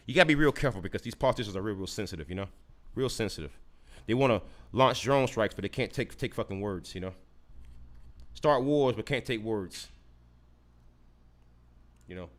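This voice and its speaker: A man hosting a solo podcast, ranting with heavy profanity, repeating and stumbling over his words as he gets heated. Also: mid-range voice. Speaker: podcast host. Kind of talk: solo political rant podcast.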